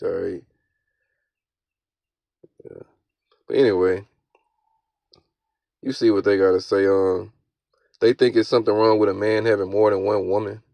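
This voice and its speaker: A man giving casual, slang-heavy scripture commentary, often tagging his lines with "all right?" and reading verses aloud slowly. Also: low-pitched, gravelly, a little mellow, no echo. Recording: dull, lo-fi, dry sound.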